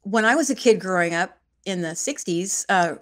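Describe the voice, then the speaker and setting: A woman's voice: mid-range voice, lively intonation, moderate pace. A woman in her sixties from Northern California, an interview guest talking in an emphatic, wry way and repeating phrases for stress. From Shasta County, California. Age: 60s. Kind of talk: conversational interview.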